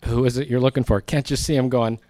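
A man's voice: mid-range voice, fairly even intonation, fast, mellow, no echo. A man preaching a sermon in a conversational, storytelling way, acting out quoted lines.

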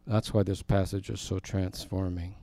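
A man's voice: low voice, flat delivery, moderate pace, creaky, dark tone, dry recording. A man teaching a Bible study in a conversational way, explaining words and asking his listeners questions.

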